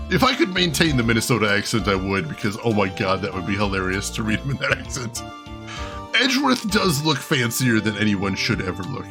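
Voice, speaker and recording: A man's voice: on the low side, huge pitch swings, normal speed, over music. A man hosting a let's play, joking through casual game commentary, greeting chat and laughing often.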